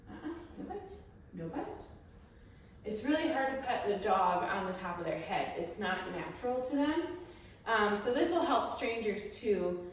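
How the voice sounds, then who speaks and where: A woman dog trainer explaining her methods while she works with a dog, breaking off to praise it in a high voice. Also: very echoey, far from the mic, a little hiss or hum, poor audio.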